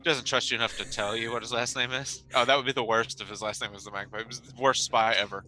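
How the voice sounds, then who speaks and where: A man's voice: medium pitch, steady tone, quick pace, bright, forceful tone, poor audio. A man casually introducing himself and his character before a tabletop game, joking and rambling as he goes. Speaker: player.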